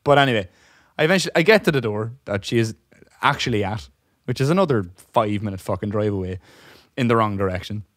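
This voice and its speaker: Low-voiced swearing storyteller man. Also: expressive, fast talker, few pauses, fairly bright tone, no room sound, studio quality. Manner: rambling, swears often, laughs while telling. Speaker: podcast co-host. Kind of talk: casual storytelling chat.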